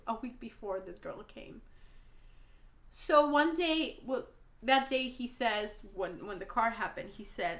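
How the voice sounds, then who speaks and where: A woman's voice: on the high side, animated, a little slow, fairly bright tone, roomy sound. A woman telling an emotional storytime vlog, blunt and rambling, swearing a lot, a native Spanish speaker talking in English. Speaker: vlogger.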